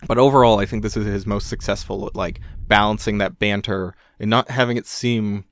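Low-voiced man giving eager opinions. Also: steady tone, no echo, studio quality. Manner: enthusiastic, opinionated, quick agreements. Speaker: podcast co-host. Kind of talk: casual comic-book discussion.

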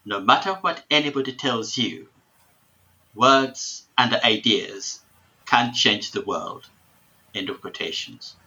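A man hosting a podcast, asking interview questions in a measured, formal way. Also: medium pitch, sharp tone. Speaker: podcast host. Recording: dull lo-fi audio.

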